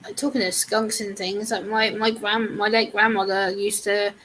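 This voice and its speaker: A woman in a casual live stream chat tells a personal anecdote. She talks in a chatty way, full of "like" fillers, and her voice sits at a middle pitch. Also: level tone, moderate pace, a bit bright, a little hiss or hum, rough recording.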